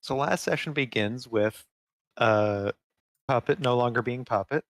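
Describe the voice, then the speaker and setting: A man's voice: mid-range voice, unhurried, no room sound. A male game master easing into a recap of the previous session, with loose, hesitant phrasing. His voice sits mid-range, recorded dry and close.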